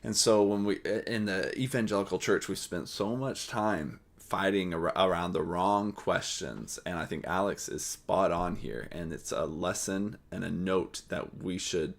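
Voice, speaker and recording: A man's voice: deep voice, measured pace, creaky, few pauses. A man hosting his channel, giving earnest thinking-aloud commentary on a panel he is playing. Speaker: channel host.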